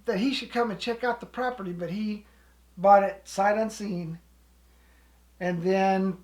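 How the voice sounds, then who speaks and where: A woman's voice: mid-range voice, steady tone, measured pace, a little mellow. A woman casually telling a story in a chatty, rambling way, with frequent restarts. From living in Alaska. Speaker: co-host.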